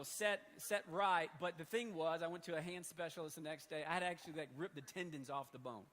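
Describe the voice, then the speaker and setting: A man in his thirties preaching in a church hall, telling a story in an animated, conversational way. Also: sits high. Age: 30s. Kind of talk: sermon storytelling. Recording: long hall reverb.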